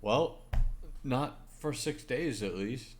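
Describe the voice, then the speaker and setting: A man voicing a calm senior female starship admiral in a tabletop game, with measured, hesitant pauses. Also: mid-range voice, a little hiss or hum, voice pushed up. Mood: composed.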